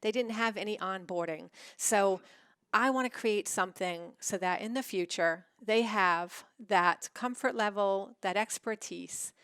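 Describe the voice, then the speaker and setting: A woman's voice: mid-range voice, measured pace, fairly bright tone, clear, resonant tone, no echo, clean studio sound. A woman co-hosting an instructional talk show, enthusiastic and sing-song. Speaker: co-host.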